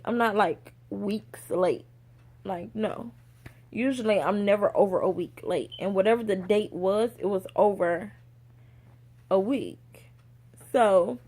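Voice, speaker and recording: A young woman, telling a personal story to camera in a lively, casual way and acting out the people she quotes. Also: creaky. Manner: animated, acts out quoted people with big pitch jumps. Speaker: vlogger.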